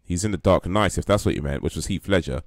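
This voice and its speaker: A man's voice: deep voice, quick pace, dry recording, clean studio sound. A man casually chatting while he streams a game, rambling with plenty of fillers. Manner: rambling, lots of fillers, joking. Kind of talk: casual live-stream chat.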